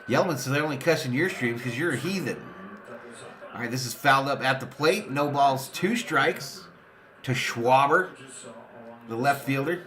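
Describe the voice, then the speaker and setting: He's a sports fan streamer running a live watch party, reading out viewer comments between plays and calling each pitch with enthusiasm. His pace is normal.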